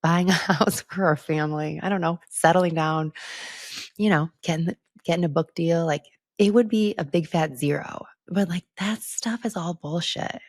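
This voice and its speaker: A woman's voice: lowish voice, normal speed, no room sound, studio quality. A woman podcast host talking candidly and reflectively about her year, with frequent light laughs. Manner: candid and conversational, laughs often. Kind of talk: reflective personal monologue.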